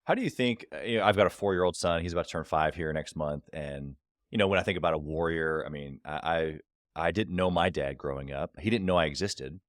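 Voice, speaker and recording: A man in his thirties with a very deep voice hosts a podcast interview. He is reflective and affirming, now and then growing animated. The recording is dry and close. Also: a little fast, no room sound. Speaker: podcast host.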